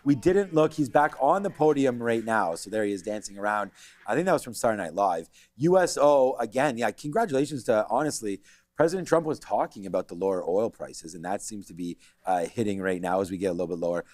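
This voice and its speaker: A man hosting a live stock market show, chatting casually with quick asides and lots of fillers. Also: fairly low pitch, lively intonation, darkish tone. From Canada. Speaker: stock market livestream host.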